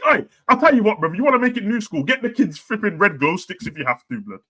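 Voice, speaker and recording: A man talking football with a friend in slangy chat, jumping between loud outbursts and muttered asides. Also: high-pitched, big pitch swings, fast talker. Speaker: football podcast host.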